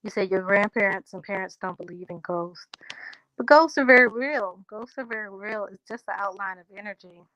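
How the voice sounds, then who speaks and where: A woman hosting a casual livestream, reading out viewer comments and answering them in a relaxed, drawling country way. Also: mid-range voice, a little fast, no echo, low-quality recording.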